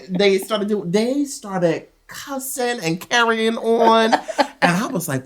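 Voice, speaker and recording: A woman hosting a casual talk show, affirming her guest and telling stories with lively, expressive delivery. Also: medium pitch, moderate pace, crowd noise. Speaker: podcast host. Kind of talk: casual conversational interview.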